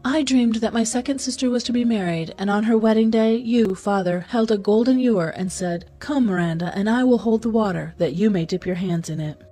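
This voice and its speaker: A gentle, timid young princess from a storybook, as a woman narrator puts her on. She speaks softly and hesitantly, in a voice pitched well above the reader's own. The tone is mellow and a touch breathy. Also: brisk, hardly any pauses, soft background music, natural voice. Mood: earnest.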